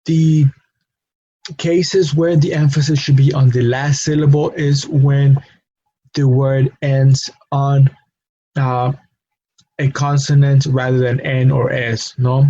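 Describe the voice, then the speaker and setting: A man gives a patient lesson in a flat, mellow voice, repeating his points and checking in with a questioning "no?". The sound is dull and lo-fi, a little husky, with a dry close feel. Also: mid-range voice, takes it slowly, dry recording. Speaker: language teacher. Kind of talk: recorded classroom lesson.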